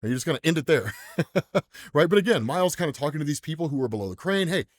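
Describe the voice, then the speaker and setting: A man's voice: a little high, lively intonation, very fast. An American man hosting a comics commentary channel, chatting casually and tacking "right?" onto his sentences. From United States. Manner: chatty, says "right?" constantly, laughs often. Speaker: comics explainer channel host.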